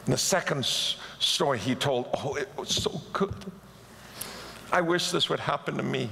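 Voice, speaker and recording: A man's voice: medium pitch, a little slow, vocal fry, a little hiss or hum. A man preaching a sermon, telling stories with animation and acting out the people in them. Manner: animated storyteller who acts out the people in his stories. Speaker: pastor. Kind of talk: sermon storytelling. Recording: echoey hall.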